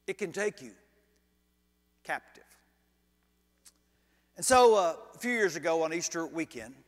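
A male preacher telling a story in a sermon, animated and humorous. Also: sits high, big-room sound. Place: church sanctuary.

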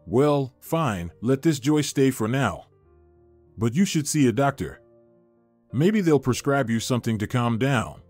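A man's voice: medium pitch, lively intonation, unhurried, darkish tone, soft background music. A man voicing a suspicious, indignant husband in a narrated story, sounding sarcastic and defensive.

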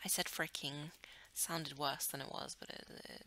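A woman's voice: sits low, fairly even intonation, a little slow, bright, forceful tone, low-quality recording. A woman giving casual, giggly commentary as she plays a life-sim game, thinking aloud and often dropping to a murmur or whisper. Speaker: let's play host.

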